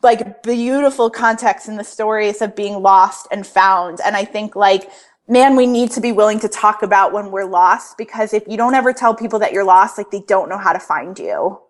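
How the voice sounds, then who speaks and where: A woman's voice: medium pitch, moderate pace. A young adult woman, a podcast guest, talking in a heartfelt, earnest way and filling her speech with "like.". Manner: earnest, fillers like "like" throughout. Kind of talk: casual heartfelt conversation.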